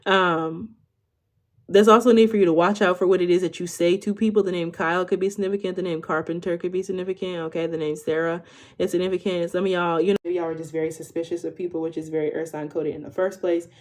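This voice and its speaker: A woman's voice: fairly low pitch, steady tone, quick pace, a little mellow. A woman in her twenties giving a casual tarot reading to viewers, chatty, swearing freely and tagging most lines with "okay?". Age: 20s. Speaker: tarot reader.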